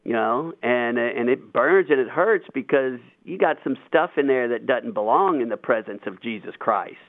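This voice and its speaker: A man hosting a radio talk show, explaining Bible passages in an animated, emphatic way. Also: medium pitch, normal speed, no echo. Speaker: radio host. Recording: tinny phone-like line, dry.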